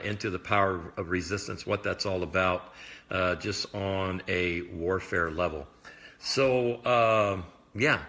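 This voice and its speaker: A man with a slightly low but bright, forward voice speaks off the cuff in a casual livestream. He rambles as a minister sharing thoughts, circling back with plenty of fillers and quick asides. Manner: rambling, loose, filler-heavy talk; admits talking fast. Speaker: prophetic minister. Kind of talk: casual live video chat.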